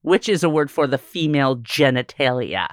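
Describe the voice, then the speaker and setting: A woman's voice: rumbling low, lively intonation, normal speed, no echo, clean studio sound. A woman co-hosting a podcast in casual chat, playful, laughing often as she sounds out foreign words. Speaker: podcast co-host.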